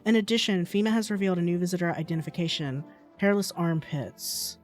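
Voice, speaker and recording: A woman voicing a television news anchor with an even, formal read. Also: fairly low pitch, a little fast, soft background music, close to an everyday voice.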